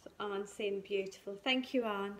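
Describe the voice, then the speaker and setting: A woman's voice: medium pitch, fairly even intonation, moderate pace, a little hiss or hum. Woman guiding a live colouring tutorial. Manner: gentle step-by-step guidance, thanks viewers by name. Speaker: craft tutor.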